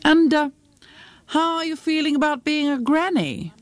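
A woman's voice: high-pitched, normal speed, no echo, voice pushed up, natural voice. A woman voicing a curious, prying guest at a wedding, asking probing questions. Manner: inquisitive, lightly probing.

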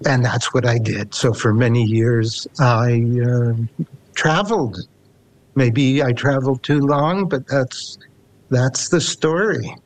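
A man's voice: mid-range voice, slow pace. A man in his seventies with a Canadian accent, a poet speaking in an interview in a reflective, wry way and reading his own verse. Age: 70s. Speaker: poet guest. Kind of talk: casual interview and poetry reading.

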